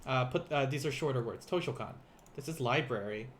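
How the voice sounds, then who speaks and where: A young man teaching beginner vocabulary in a casual livestream, playful and quick to laugh, repeating each word slowly for learners. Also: medium pitch, a little hiss or hum. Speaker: language teacher.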